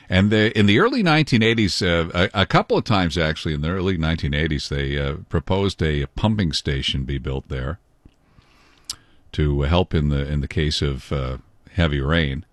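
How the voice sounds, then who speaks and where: A man hosting a morning radio show, interviewing a guest and often pausing with fillers and restarts. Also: extremely low pitch, no room sound. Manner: halting, many fillers and restarts.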